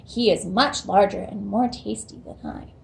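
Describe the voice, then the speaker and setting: A woman's voice: medium pitch, fairly even intonation, moderate pace, gravelly. A woman voicing the middle billy goat, a young male, bargaining with a troll in a children's story.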